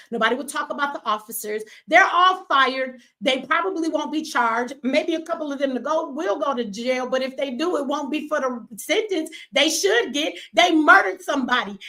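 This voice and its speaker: A woman's voice: high voice, fairly bright tone. A middle-aged woman, an activist host delivering an angry, profane livestream rant, tearful at times. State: crying.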